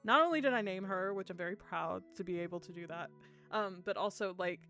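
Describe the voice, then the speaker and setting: A woman streaming a game live, talking to her chat in an excitable, gushing way, laughing often and swearing casually. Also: medium pitch, fairly quick, soft background music.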